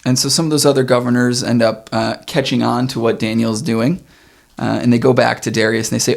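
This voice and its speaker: A man co-hosting a church podcast, reading Bible passages aloud and retelling them in relaxed modern slang. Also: mid-range voice, fairly quick, gravelly. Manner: relaxed, paraphrases the story in modern slang with chuckles. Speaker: podcast co-host. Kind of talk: casual Bible discussion, reading scripture aloud.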